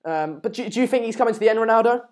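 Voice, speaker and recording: A man's voice: extremely high pitch, rapid-fire. A man hosting a live football watchalong, chatting casually, reading viewer comments and repeating himself. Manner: rambling, repeats words and phrases.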